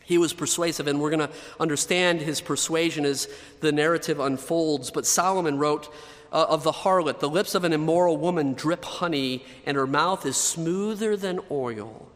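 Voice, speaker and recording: Male pastor, slightly high voice, emphatic repeated-phrase delivery, sanctuary reverb. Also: moderate pace. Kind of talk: sermon.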